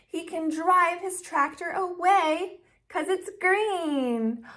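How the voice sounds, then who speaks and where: A young woman hosting a children's learning video, talking in a slow, exaggerated, encouraging sing-song for toddlers. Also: very high voice, pushed and bright. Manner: exaggerated, encouraging, drawn-out words. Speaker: children's educational video host.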